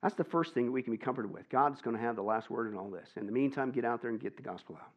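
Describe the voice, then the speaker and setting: A male pastor preaching a lively, conversational sermon and tossing questions to his listeners, on a dull lo-fi recording. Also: medium pitch, racing. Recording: dull lo-fi sound.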